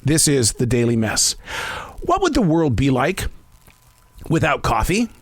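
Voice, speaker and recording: A man's voice: medium pitch, wildly swooping pitch, measured pace, no room sound. A man in his fifties hosting his own podcast. He talks in a rambling, self-reflective way with frequent stammered restarts. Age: 50s. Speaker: podcast host. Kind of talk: casual solo podcast monologue.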